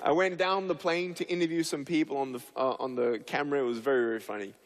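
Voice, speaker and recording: A man's voice: medium pitch, steady tone, fast talker, big-room sound. A man giving a humorous speech to an audience, telling stories playfully and acting out scenes, with many fillers and restarts. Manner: playful storyteller who acts out scenes. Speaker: public speaker.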